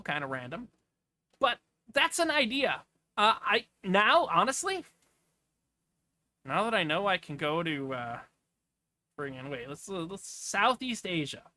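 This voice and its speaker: A man's voice: a little high, pushed and bright. A man giving casual, off-the-cuff commentary as he clicks through travel listings, rambling with asides. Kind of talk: casual screen-share commentary.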